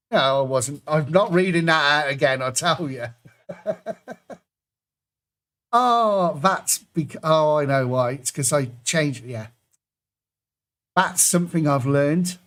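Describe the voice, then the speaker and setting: A man hosts a pub quiz over a computer microphone, his voice sitting a little high for a man. He reads the clues in a chatty, self-mocking way and keeps laughing at his own fumbles. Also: very animated, slow, long pauses, fairly bright tone. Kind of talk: online quiz hosting, reading clues aloud.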